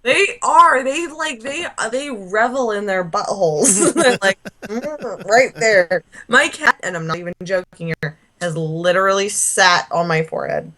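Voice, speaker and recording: A woman co-hosting a podcast, chatting casually and ranting bluntly with lots of swearing and quick mock voices. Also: medium pitch, bright, forceful tone. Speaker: podcast co-host. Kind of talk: casual profane chat.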